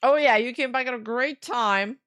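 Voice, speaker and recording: A young woman streamer giving excitable live reaction commentary, laughing often and swearing freely. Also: a little high, moderate pace, clean tone, dry recording, clean studio sound. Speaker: VTuber streamer.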